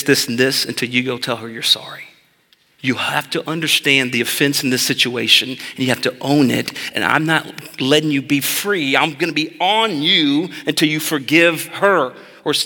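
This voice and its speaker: Speaking with a bright, forceful tone at medium pitch, a man in his thirties preaches as pastor. He tells lighthearted, chatty stories about his kids alongside scripture. The church sanctuary adds a long, reverberant hall echo.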